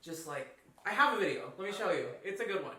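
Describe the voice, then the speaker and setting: Young man, podcast guest; loud, animated chat, bright tone, echoey room. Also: sits high, fast, far from the mic. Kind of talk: casual chat.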